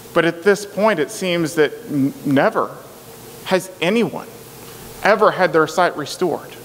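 Man preaching in a reverberant hall. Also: medium pitch. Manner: retells scripture with acted quotes, repeats words. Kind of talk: sermon. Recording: long hall reverb, faint noise.

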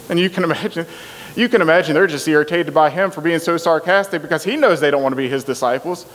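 A man's voice: fairly high pitch, quick pace, fairly bright tone. A man preaching a sermon, retelling a scripture story and acting out the voices of its people, often repeating his words. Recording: long hall reverb, faint noise.

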